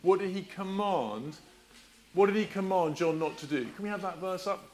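A man's voice: sits high, moderate pace. A man preacher giving a playful all-age talk in a church service, quizzing the children and reading scripture aloud. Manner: animated, playful, quizzing the audience. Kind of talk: lively children's talk with questions.

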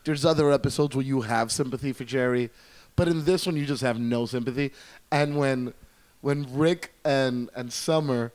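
A man co-hosting a podcast talks at a normal speed in a medium-pitched, slightly dark voice. He rambles animatedly through casual chat and swears freely.

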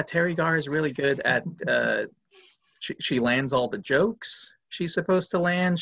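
Gravelly man rambling about a film. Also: medium pitch, a bit bright, no room sound. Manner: rambling, hedging with fillers. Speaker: podcast co-host. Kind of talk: casual film discussion. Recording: dry dull lo-fi audio.

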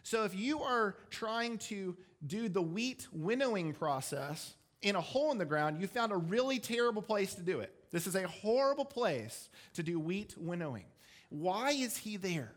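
Male pastor, slightly high voice, casual explanatory sermon delivery with self-deprecating asides. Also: sing-song, normal speed.

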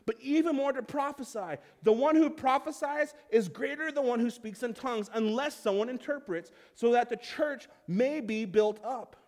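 A man's voice: very high-pitched, moderate pace, hardly any pauses, a little mellow, long reverb tail. A man preaching a conversational sermon as pastor, often restarting his phrases.

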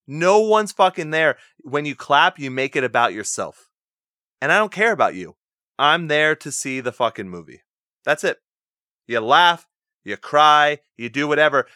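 Guy ranting on a podcast, swears a lot, bright smooth voice, dry sound. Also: fairly high pitch, no echo. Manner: blunt, profane, ranting. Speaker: podcast co-host. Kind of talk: casual chat.

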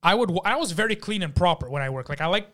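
Profane, animated young man telling stories. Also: sits high, very fast. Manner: profane, animated storyteller, acts out shouted quotes. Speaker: podcast host. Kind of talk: casual storytelling chat.

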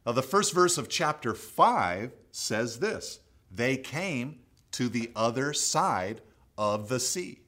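Animated man preaching a sermon. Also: takes it slowly. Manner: expressive preaching, drops to soft low voice for quotes. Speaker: pastor.

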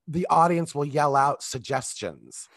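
A man's voice: fairly high pitch, a little slow, fairly bright tone, no room sound, studio quality. A man co-hosting a podcast in casual comedic chat, ranting profanely and mimicking people in funny voices. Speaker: podcast co-host.

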